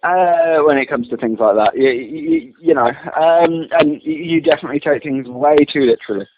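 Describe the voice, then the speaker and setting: Man, higher voice, defensive stammerer, tinny lo-fi line with faint hiss. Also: big pitch swings, moderate pace, vocal fry. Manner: defensive, stammering, many restarts. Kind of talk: casual argument.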